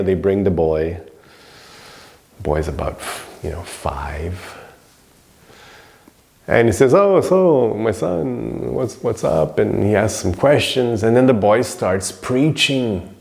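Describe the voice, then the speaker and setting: A man's voice: low voice, gravelly, darkish tone. A man teaching a spiritual story in a casual, rambling way, full of fillers. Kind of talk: storytelling lesson.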